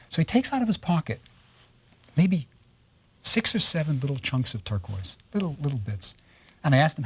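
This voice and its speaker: A man giving a recorded lecture on Egyptology, telling stories with lively rhetorical questions and frequent tag questions. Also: mid-range voice, fast talker, slightly rough. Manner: animated storytelling with rhetorical questions; tags statements with "right?".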